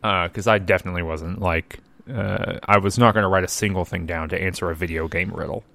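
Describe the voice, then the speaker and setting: A man co-hosting a casual podcast chat, telling a story in an animated way with joking asides. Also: sits low, fairly quick, creaky, no echo. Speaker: podcast co-host.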